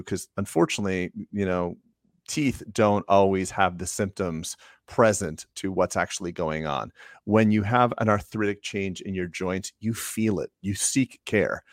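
A man's voice: sits low, measured pace, no room sound, studio quality. A man co-hosting a casual professional chat about dentistry, getting emphatic when he makes a point. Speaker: dental podcast co-host.

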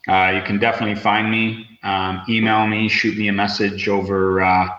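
A man's voice: on the low side, little pitch movement, normal speed, sharp tone, echoey room, lo-fi sound. A man speaking as a podcast guest in casual interview talk, rambling with lots of fillers and restarts. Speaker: podcast guest, real estate investor.

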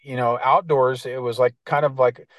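A man's voice: mid-range voice, fairly even intonation, normal speed, a bit bright, no room sound. A middle-aged man chatting casually as a guest, laid-back and slangy, full of fillers and restarts. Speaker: guest editor. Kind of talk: casual podcast chat.

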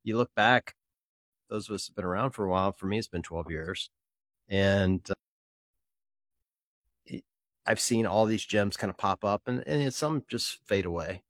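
A man from Mississippi hosts a relaxed podcast chat, ribbing and storytelling with plenty of energy. His voice sits on the low side. The sound is close and dry, with no room around it. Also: normal speed, pauses often, no echo. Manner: joking, animated storytelling. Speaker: podcast host. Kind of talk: casual interview chat.

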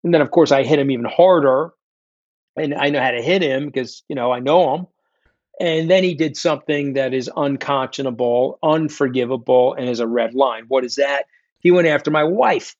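A middle-aged man tells his side of the story in a blunt, combative, often profane way. His voice sits at an ordinary pitch. It comes through a dull, lo-fi remote connection in a dry, close space. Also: normal speed, dry recording. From New York. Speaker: guest. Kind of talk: candid interview storytelling. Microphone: remote call.

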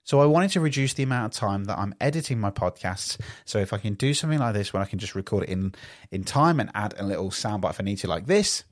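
A man's voice: fairly low pitch, lively intonation, fast talker, no echo. A man hosting a solo podcast, talking upbeat and rambling into a studio podcast microphone. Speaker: podcast host.

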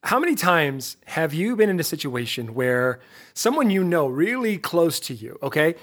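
A middle-aged man hosting his own podcast, giving a lively motivational talk straight to his listeners, full of rhetorical questions and self-interruptions. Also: a little high, normal speed. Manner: self-interrupting, laughs at himself. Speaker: podcast host.

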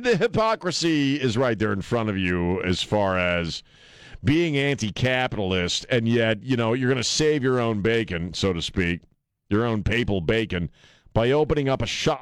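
A man's voice: medium pitch, no room sound. A man hosting a talk radio show, joking bluntly and rambling with fillers as he riffs on the news. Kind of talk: casual talk radio banter. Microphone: studio microphone. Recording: dry studio sound.

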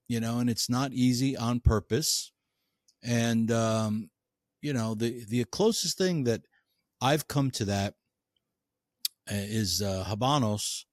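A man's voice: mid-range voice, darkish tone, dry recording, clean studio sound. A man co-hosting a casual podcast who rambles along with lots of "you know"s and "uh"s. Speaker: podcast co-host, cigar blender.

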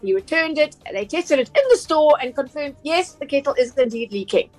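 A South African woman with a somewhat high voice talks through consumer advice on a radio show. She is chatty and explanatory, full of fillers and quick restarts. Faint music plays underneath. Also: animated, a little mellow, low-quality recording. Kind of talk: radio talk segment.

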